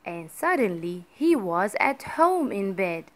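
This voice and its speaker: Woman storyteller, clear expressive reading, slow pace, lively pitch, fairly high voice. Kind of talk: storybook narration for learners.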